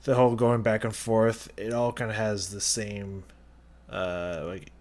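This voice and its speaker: A man's voice: fairly low pitch, flat delivery, measured pace, darkish tone, slight background noise. A man hosting a music reaction video, thinking aloud as he analyzes a song and searching for his words. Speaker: music reaction channel host.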